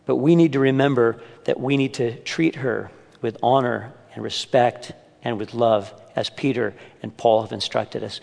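Gravelly and somewhat dark, this older man's medium-pitched voice stays steady at a normal speed. He is giving an earnest sermon at a men's church gathering, sprinkled with humorous family stories, in a meeting room with long hall reverb.

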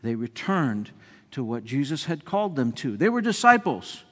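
Male pastor, sermon delivery, mid-pitched, animated and repetitive, recorded in a reverberant church hall. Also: moderate pace. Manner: animated preaching, repeats and restarts words, swings from loud to quiet.

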